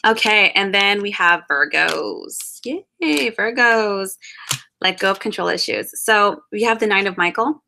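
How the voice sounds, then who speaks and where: A woman's voice: mid-range voice, a little slow, gravelly, background noise. A woman reading tarot cards for a monthly love forecast, talking to the listener directly in an earnest, reassuring and encouraging way. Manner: spiritual, encouraging advice-giving. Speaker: tarot card reader.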